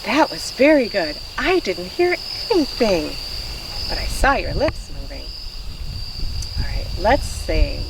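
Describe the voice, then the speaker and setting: A woman's voice: mid-range voice, very animated, takes it slowly, creaky, noisy background. A woman leading a children's storytime with playful sing-song voice games, recorded outdoors on a farm. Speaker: children's librarian. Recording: distant outdoor recording with crickets.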